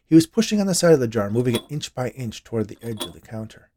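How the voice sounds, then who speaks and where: A man hosting his own podcast and narrating a short story, expressive and voicing characters. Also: mid-range voice, fast.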